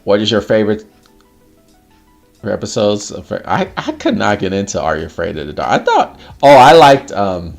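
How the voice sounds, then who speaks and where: A man hosting a casual livestream chat, animated, laughing often and swearing casually. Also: on the low side, normal speed, gravelly, faint music behind. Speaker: livestream host.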